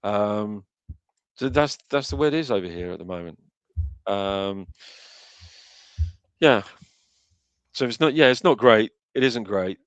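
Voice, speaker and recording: A man from the United Kingdom chats as a podcast guest, stopping and restarting with lots of filler sounds. His voice sits fairly low, and the sound is close and dry. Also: lively intonation, measured pace, long pauses, clean tone, dry recording, lo-fi sound. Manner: hesitant, many fillers. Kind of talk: casual podcast chat.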